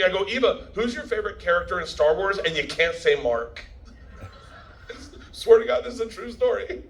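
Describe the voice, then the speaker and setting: Brash laughing comedian telling a story. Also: male voice, high-pitched, lively intonation, moderate pace, creaky, low-quality recording. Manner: brash, profane, laughing storyteller who acts out quotes. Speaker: comedian giving a premiere speech. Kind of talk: stand-up style storytelling speech.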